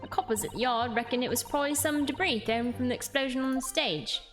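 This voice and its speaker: A woman's voice: high-pitched, fast, over music, voice pushed up, lightly acted. A woman voicing a brash young street girl, cheeky and blunt.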